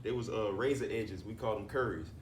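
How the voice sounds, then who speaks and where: Laid-back rapper telling stories. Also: male voice, lowish voice, quick pace, roomy sound, distant mic, a little hiss or hum. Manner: laid-back, profane, rambling storyteller. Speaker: rapper guest. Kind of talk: casual interview storytelling.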